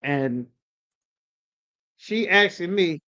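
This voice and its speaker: High-voiced man teaching a livestream class. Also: expressive, extremely slow, pushed and bright. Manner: calls on students, chiding and coaxing, slangy. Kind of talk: live online class, casual preaching. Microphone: video call. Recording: lo-fi livestream audio.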